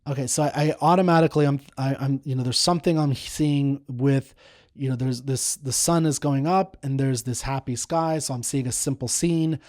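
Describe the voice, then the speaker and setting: A middle-aged man teaching poetry, reading a poem slowly and then explaining it in an earnest way that repeats words for stress. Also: medium pitch, fairly even intonation, a little mellow.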